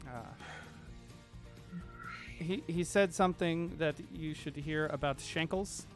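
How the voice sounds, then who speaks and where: Give me a man playing a haughty dark elf with a throaty French accent, formal and sly, somewhat high-pitched. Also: takes it slowly, soft background music. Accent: put-on French.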